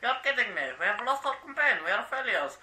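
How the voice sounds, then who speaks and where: A man's voice: very high voice, expressive, fast, pushed and bright, voice pushed up, full character voice. A man putting on a deflated meerkat. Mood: dismayed. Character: dismayed male meerkat crew member. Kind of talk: amateur animated movie voice acting. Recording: distant, roomy echo.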